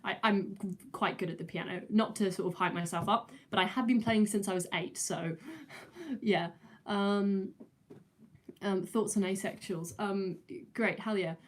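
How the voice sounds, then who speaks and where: A woman's voice: mid-range voice, a little slow. A nineteen-year-old woman, chatting casually on a livestream, with many fillers, restarts and a slight stutter. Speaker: streamer answering chat.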